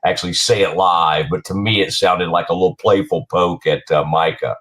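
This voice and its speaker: Lower-voiced rambling sports show host man. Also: steady tone, fairly bright tone. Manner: rambling, halting, many restarts. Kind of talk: casual sports talk.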